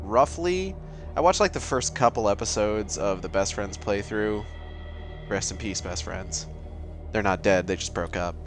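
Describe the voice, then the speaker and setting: A man's voice: lowish voice, unhurried, over music. A man with a mild Massachusetts accent giving casual, jokey and profane commentary as he plays a video game. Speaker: let's play host.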